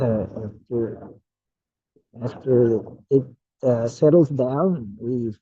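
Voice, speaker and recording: A man giving a slow, musing talk on his own Buddhist study, with many fillers and pauses. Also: mid-range voice, mellow, breathy edge, dry recording. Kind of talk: casual self-study talk. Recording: muffled lo-fi recording.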